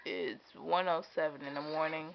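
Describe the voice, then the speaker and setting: A woman's voice: sits low, fairly even intonation, moderate pace, vocal fry, over music. A mother chatting casually at home at night, coaxing her toddler in a sing-song voice. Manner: coaxing sing-song baby talk, laughing often. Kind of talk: casual home video chat. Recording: dull lo-fi home camera recording.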